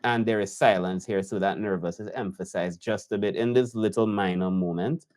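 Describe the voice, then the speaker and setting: Man, editor reaction commentary, thoughtful, unhurried, lowish voice. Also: steady tone, darkish tone, a little hiss or hum.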